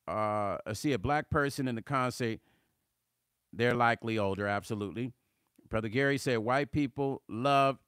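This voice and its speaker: A middle-aged man with a smooth, resonant voice talks loosely on his live stream, reading out viewer comments. He gets animated, laughs easily and trips over repeated words when he's worked up. The sound is close and dry, with no room around it. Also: fairly high pitch, no echo. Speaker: musician hosting a livestream. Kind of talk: casual livestream chat reading comments.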